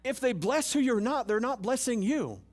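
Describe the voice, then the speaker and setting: A man's voice: extremely high pitch, lively intonation, normal speed. A male pastor giving a sermon at a church service, talking casually with jokes and rhetorical questions to the congregation. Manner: conversational, humorous preaching with rhetorical questions.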